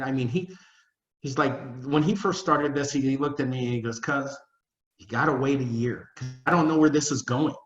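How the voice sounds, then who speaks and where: A man on a video call talking in a rambling, emotional way and repeating his words, full of restarts. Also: fairly high pitch. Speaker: company spokesman. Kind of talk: casual video-call talk. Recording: roomy dull video-call audio.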